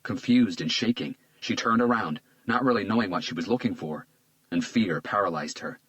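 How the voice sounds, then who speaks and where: A man narrating a crime thriller audiobook in a measured, tense manner, also speaking the lead detective. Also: fairly low pitch, fairly bright tone, no room sound, rough recording.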